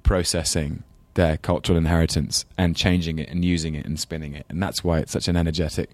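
A man's voice: very deep voice, fairly even intonation, fast, no echo. A man with an English London accent, a guest on a talk show, chatting in a thoughtful, rambling way and laughing easily. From England. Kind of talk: casual chat.

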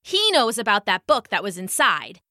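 A woman voicing a young female spellcaster who talks quickly and wryly, in a storybook reading. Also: mid-range voice, very animated, pushed and bright, no room sound, studio quality. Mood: brisk.

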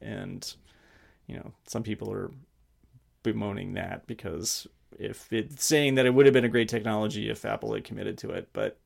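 This podcast co-host has a lowish, creaky voice with fairly even intonation and a normal pace. He chats casually about tech, sounding hesitant, using lots of fillers and letting sentences trail off.

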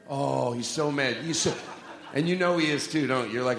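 A man's voice: mid-range voice, a little fast, vocal fry, fairly bright tone. A man doing a live stand-up set, rambling, swearing and joking with the crowd in a self-mocking way. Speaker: stand-up comedian. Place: comedy club stage. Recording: echoey hall with long reverb.

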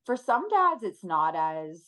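A woman in her thirties talking earnestly and emotionally as a podcast guest, with many pauses and fillers. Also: on the low side, sing-song, fairly bright tone, rough recording. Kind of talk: casual interview chat.

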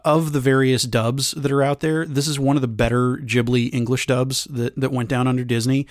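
A man's voice: mid-range voice, steady tone, moderate pace, no room sound, studio quality. A man on a podcast panel, talking casually about a film dub.

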